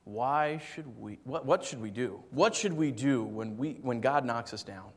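A male preacher giving a sermon in a hall with a long echo that hangs after each phrase. His voice sits at an average pitch, and he moves between quiet, low asides and loud, emphatic preaching. In the story passages he talks casually and uses fillers. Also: animated, measured pace, breathy edge. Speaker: pastor.

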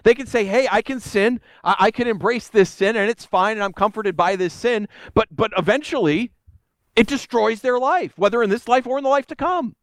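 Man, high-pitched, casual animated preacher, dry close sound. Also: normal speed, no echo. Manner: animated storytelling, voices quotes. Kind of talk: conversational sermon.

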